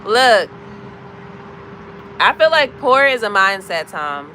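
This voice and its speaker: Bright-voiced woman chatting on a livestream. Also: medium pitch, big pitch swings, takes it slowly, a little hiss or hum. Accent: American. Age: 30s. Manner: chatty, greets viewers by name, drifts between comments. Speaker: livestream host. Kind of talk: casual live chat with viewers.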